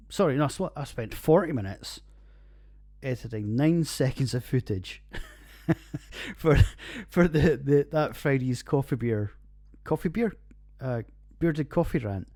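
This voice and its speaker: A man's voice: mid-range voice, dark tone, dry recording. Sweary rambling Scottish man, dry sound. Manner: rambling, sweary, laughs at own jokes. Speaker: podcast host. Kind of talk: casual beer review monologue. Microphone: computer recording.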